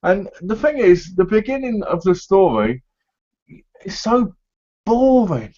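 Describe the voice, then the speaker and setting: A man's voice: high-pitched, very animated, takes it slowly, dark tone, lo-fi sound. A man co-hosting a casual chat about games, rambling and tagging his sentences with "right?" and "you know". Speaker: co-host.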